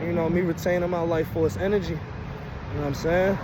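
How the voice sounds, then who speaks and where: Young man, Brooklyn accent, slightly high, laid-back slangy storyteller; clear street noise outdoors. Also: fairly even intonation, fairly quick. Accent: Brooklyn, New York. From Brooklyn, New York. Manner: loose, slangy, heavy with "you know what I'm saying". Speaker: vlogger. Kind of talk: casual storytelling. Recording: noisy outdoor street recording.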